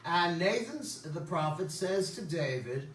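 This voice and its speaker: Male rabbi teaching a Bible class, joking storyteller; slightly high voice, roomy and distant mic. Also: sing-song, a little slow, a crowd in the background. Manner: wisecracking storyteller, chatty asides. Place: temple room.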